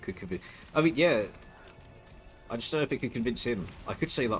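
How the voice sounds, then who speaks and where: A man's voice: mid-range voice, expressive, moderate pace, pauses often, fairly bright tone, faint music behind. A man streaming live, ranting with open contempt and falling into frequent stuttering restarts.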